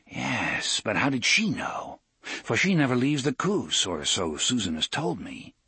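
A man's voice: medium pitch, sing-song, unhurried, sharp tone, slightly rough, dry recording, full character voice. A man voicing a blunt, loyal young male friend in an audiobook, speaking in an earnest, raised voice. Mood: brisk.

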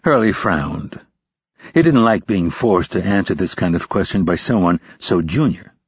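A man narrates a thriller audiobook steadily. His voice is low and husky. The recording is dull and dry. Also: lively intonation, normal speed. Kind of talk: scripted narration.

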